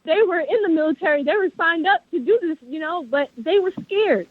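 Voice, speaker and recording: Animated and fairly quick, a woman with a very high voice talks as a guest author in a phone interview. The dry recording captures her passionate, emphatic, faith-driven conviction.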